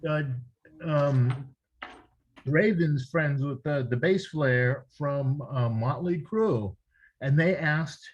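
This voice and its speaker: A man's voice: a little high, takes it slowly, muffled recording, slight background noise. Rambling male drummer telling stories. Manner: rambling anecdotes with many restarts and fillers. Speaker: interview guest, drummer. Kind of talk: casual storytelling interview.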